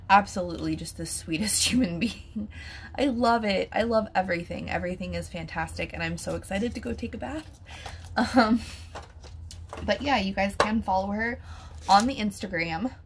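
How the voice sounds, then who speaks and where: A woman vlogger chatting casually through an unboxing, gushing and excitable, with fillers and the odd swear word. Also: medium pitch, a little hiss or hum. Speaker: vlogger reviewing bath products.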